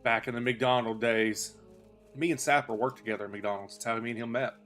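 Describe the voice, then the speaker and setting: A man's voice: medium pitch, steady tone, brisk, a bit bright, soft background music. A man in his thirties streaming a game, chatting casually in a rambling, self-deprecating way. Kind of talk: casual chat while playing.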